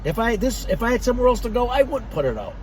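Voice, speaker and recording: A man's voice: very high voice, big pitch swings, fast, slight background noise, rough recording. A middle-aged man reviewing cigars in a blunt, profane, rambling monologue.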